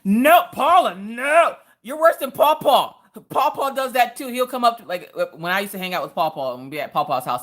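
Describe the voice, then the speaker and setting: A woman hosting a casual crafting livestream, telling family stories in a lively, animated way. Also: on the high side, moderate pace, few pauses. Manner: lively storytelling, acting out family voices. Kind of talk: casual chat while crafting.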